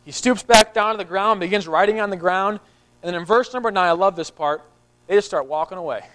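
A man's voice: high voice, brisk, fairly bright tone, poor audio. A man preaching a sermon in a conversational way, often repeating words and acting out the people in the story. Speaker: pastor.

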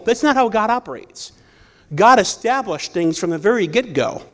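Speaking at normal speed in a high, expressive voice, a man tells personal stories as part of a sermon. His style is conversational and storytelling, and he often restarts his sentences.

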